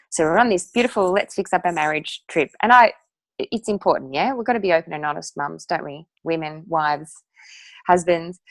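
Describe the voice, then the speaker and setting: A woman's voice: on the low side, dry recording. A woman, telling her personal story to an audience in a chatty, emphatic way. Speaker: guest speaker sharing a testimonial.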